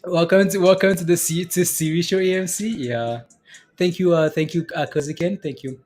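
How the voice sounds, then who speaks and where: A man's voice: on the high side, moderate pace, darkish tone. Chatty man hosting a stock stream. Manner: chatty, laughs often, repeats phrases. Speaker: stock trading livestream host. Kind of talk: casual live-stream chat reading viewer comments.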